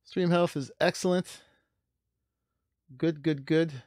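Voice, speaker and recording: Relaxed rambling man streaming a game. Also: on the high side, takes it slowly, no echo. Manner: relaxed, rambling, chuckles often. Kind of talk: casual live-stream commentary.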